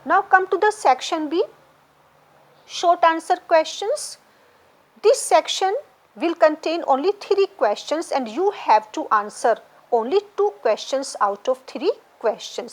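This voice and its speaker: Slow, lively-voiced woman teacher. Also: sits high. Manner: slow, explaining patiently, repeating words and syllables. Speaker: English teacher. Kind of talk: exam preparation lecture.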